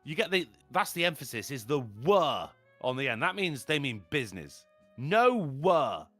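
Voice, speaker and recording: Animated, bright-voiced man telling stories. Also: mid-range voice, moderate pace, soft background music. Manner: animated, laughing storyteller. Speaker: podcast co-host. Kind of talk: casual podcast chat.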